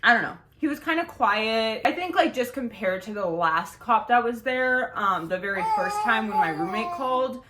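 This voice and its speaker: A woman's voice: a little high, expressive, moderate pace, hardly any pauses, bright, forceful tone. A young woman telling a personal story to her viewers from home, in a frank, profane, rambling manner full of "like" fillers. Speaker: vlogger. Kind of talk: casual storytime monologue.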